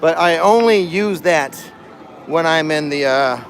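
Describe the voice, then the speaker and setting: Walking an outdoor theme park with a phone in hand, this livestream host teases his viewers in a relaxed, playful way. His voice sits on the high side and moves a little slowly, while faint music, crowd sounds, and a slight hiss or hum run underneath.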